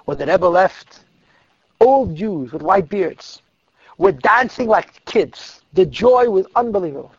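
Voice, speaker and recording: Man storyteller, high gravelly voice, husky, vivid dramatic telling, dull dry lo-fi recording. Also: animated, a little slow, no room sound. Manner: vivid, dramatic, drops to a hush at tense moments. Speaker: storyteller speaking to girls. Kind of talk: animated storytelling talk.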